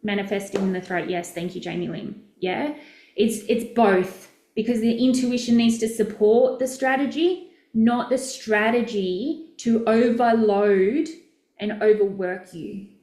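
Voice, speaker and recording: A woman's voice: medium pitch, a little slow, mellow, echoey room. A woman, a business coach, chatting casually and effusively with viewers during a live session, rambling and correcting herself as she goes.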